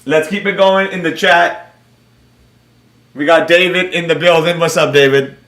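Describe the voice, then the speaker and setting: Male livestream host, bright and animated, roomy echo. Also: fairly high pitch, unhurried. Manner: animated, joking, addresses chat viewers by name. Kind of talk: casual livestream Q&A.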